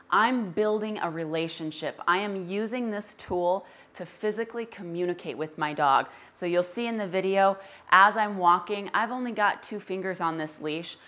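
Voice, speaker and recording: A woman's voice: lowish voice, bright, forceful tone. A woman dog trainer explains her method in a direct, emphatic teaching manner and uses everyday comparisons. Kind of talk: instructional explanation.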